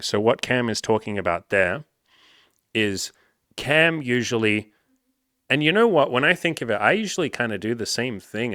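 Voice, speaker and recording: A man's voice: fairly low pitch, sharp tone, dry recording, clean studio sound. A young man, telling stories casually and animatedly, full of "like" fillers and swearing. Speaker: podcast host reading comments. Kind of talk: casual storytelling.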